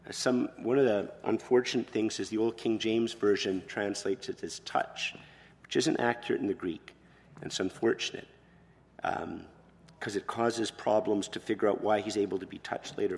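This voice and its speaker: A man's voice: on the low side, moderate pace, creaky. Preaching man in a reverberant hall. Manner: expressive, swings from soft to loud emphasis. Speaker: pastor. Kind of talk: sermon.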